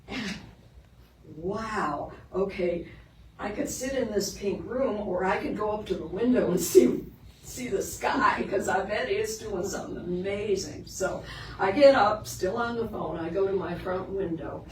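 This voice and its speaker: Slow, roomy woman minister preaching. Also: mid-range voice. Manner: lively storytelling, shifts into soft earnest emphasis. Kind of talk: storytelling sermon. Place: sanctuary of a spiritual center. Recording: roomy, distant, with background noise.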